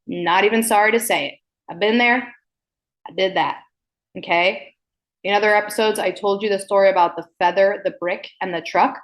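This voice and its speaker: Frank, playful, and casually profane, a podcast host with a mid-range voice leads a self-help show. She speaks slowly and emphatically by design, regularly pausing to ask "okay?"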